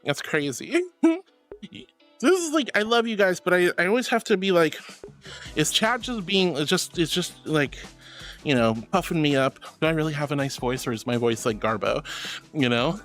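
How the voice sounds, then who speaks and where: Chatty sweet guy reading his chat out loud, kinda high voice that bounces all over, soft music behind. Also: lively intonation, moderate pace. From Florida. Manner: bubbly, affectionate, chatty. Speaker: streamer. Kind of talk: casual chat reading messages.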